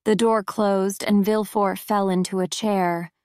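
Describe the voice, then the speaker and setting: A woman narrating a simple graded story for English learners with slow, careful reading. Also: mid-range voice, fairly even intonation, a little mellow, clear, resonant tone, no room sound, studio quality.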